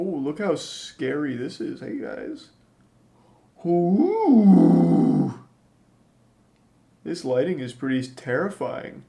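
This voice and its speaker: Streaming a horror game from his home webcam setup, a medium-pitched man delivers deadpan, sarcastic commentary. The scares jolt sudden startled yelps out of him.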